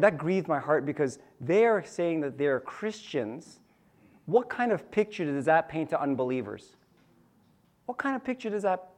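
Man, preacher, sermon, slightly high-pitched, conversational, repeats himself, asks questions. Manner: repeats phrases, restarts sentences.

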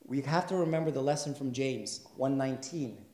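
A male pastor preaching a sermon in a conversational way. He asks his listeners questions and builds to loud, emphatic passages. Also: mid-range voice, a little fast. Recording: echoey room.

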